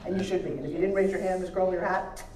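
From a stage in a large event hall, a woman gives a rapid-fire, energetic motivational seminar on pitching, joking with the live audience. Crowd noise is audible, and the sound is roomy and distant.

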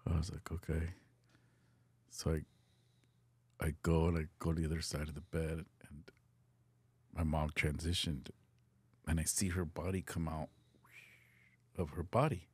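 Middle-aged male storyteller, very low and husky, earnest and casual, code-switching into Spanish phrases. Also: level tone, a little slow, pauses often, a little mellow, dry recording. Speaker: podcast guest.

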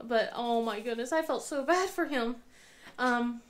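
A young woman talks casually to her camera from the couch at home. She rambles, restarts her sentences and laughs a lot, in a fairly high voice. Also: unhurried. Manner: acts out her young son's lines in a high voice. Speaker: crafting vlogger.

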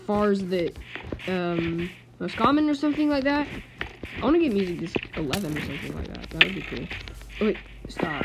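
Heavy background noise surrounds this woman's medium-pitched voice. She runs a gaming channel and gives loose play-by-play of her game, talking to the mobs and pleading with them in a chatty, fed-up way.

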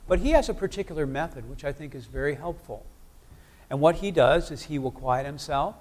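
Male preacher, church sermon, conversational, asks the congregation questions, voice sits a bit high. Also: lively intonation, fairly quick, a little mellow.

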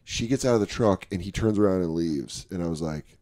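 A man's voice: sits low, brisk, warm tone. Guy on a podcast spinning breakup stories, acts out both sides, swears a lot. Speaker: podcast guest comedian. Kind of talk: casual storytelling chat.

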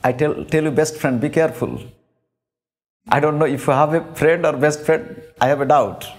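A man giving a scripture discourse as a spiritual teacher, speaking deliberately and repeating key phrases for emphasis. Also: on the high side. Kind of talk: sermon-style scripture discourse.

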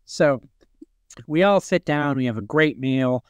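A man's voice: on the high side, animated, measured pace, smooth, no room sound, dull audio. A man from Michigan co-hosting a casual podcast, telling a playful story that rambles along. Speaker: podcast co-host. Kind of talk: casual chat.

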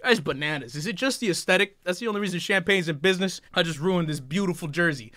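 A young adult man live streaming, talking loudly and excitedly with lots of swearing and frequent shouts. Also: fairly high pitch, fast, hardly any pauses, no echo, clean studio sound. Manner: loud, profane and jubilant, often shouting.

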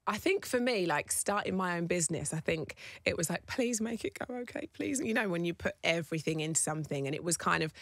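A British woman in her thirties chatting as a radio guest, telling stories in an animated way with voiced quotes. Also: lowish voice, no room sound. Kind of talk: radio studio interview. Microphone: studio microphone.

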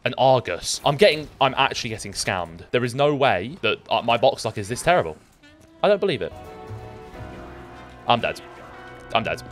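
A young man commentating his own gameplay, excitable, swearing and talking to himself. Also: mid-range voice, brisk, soft background music. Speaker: gaming YouTuber.

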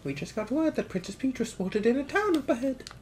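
A man voicing a squeaky, excitable minion of a villain king in a video game, with a giggling, eager manner. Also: brisk, a little hiss or hum.

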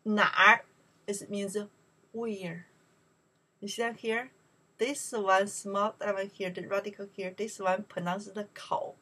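A woman who speaks English with a Mandarin Chinese accent, teaching Chinese pronunciation slowly and repeating each word for learners. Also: medium pitch, flat delivery, breathy edge. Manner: slow, repeats words for learners, louder on the Chinese examples. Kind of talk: pronunciation lesson.

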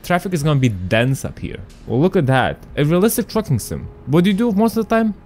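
An excitable male streamer giving casual gameplay commentary, his pitch swinging up and down as he reacts. He chats straight to his viewers and now and then shouts at the traffic. Faint music plays behind him. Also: fast talker. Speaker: gaming streamer.

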